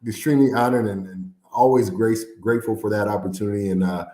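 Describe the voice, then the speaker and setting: A former NFL player from Fort Wayne, Indiana, appears as a guest in a storytelling interview, speaking fast in a lowish voice in an echoey room. He's a lively, animated storyteller who acts out quotes and laughs often.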